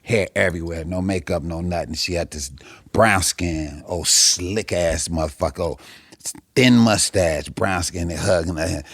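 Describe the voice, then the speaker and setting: Brief: male comedian with a low voice and a dry, close sound, spinning animated and profane stories. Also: a little slow, no room sound. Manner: animated, profane, acts out the characters in his stories. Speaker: guest comedian. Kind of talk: storytelling in a podcast chat.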